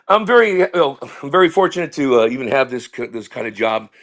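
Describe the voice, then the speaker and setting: Brief: rambling male comedian on a video call, lively pitch, animated storytelling. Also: quick pace, few pauses. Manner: rambling, animated, slips into impressions. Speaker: comedian guest. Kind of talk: casual interview storytelling.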